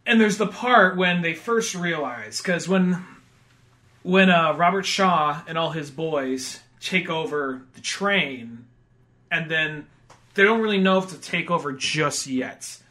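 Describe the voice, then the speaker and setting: Man, podcast host, casual film chat, profane, high voice, bright tone. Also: a little slow. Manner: profane, animated, shouts impressions of angry characters.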